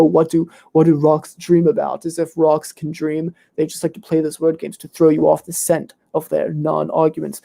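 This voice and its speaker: A pompous, know-it-all young male debater, as a man puts him on, with a gravelly voice that sits fairly high. He is hoarse and losing his voice. He is smug and self-assured, and lists fallacies as if he has won already. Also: mellow. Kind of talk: comedic live Q&A role-play.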